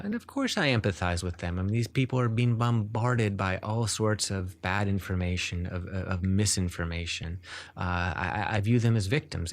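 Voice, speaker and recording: A man speaking as a neurologist guest in an interview. He explains at length and in earnest, often restarting his sentences. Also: deep voice.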